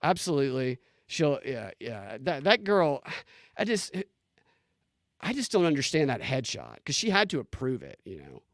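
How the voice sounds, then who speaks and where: A man hosting a commentary show, talking in an animated, incredulous way with many restarts as he reads posts aloud. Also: mid-range voice, moderate pace, no room sound, studio quality. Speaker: political commentary show host. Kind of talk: casual on-screen commentary.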